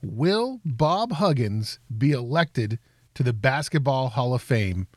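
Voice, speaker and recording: A man's voice: medium pitch, very animated, slow pace, dry recording, studio quality. A man hosting a casual sports podcast, upbeat and chatty, laughing often. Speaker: podcast host.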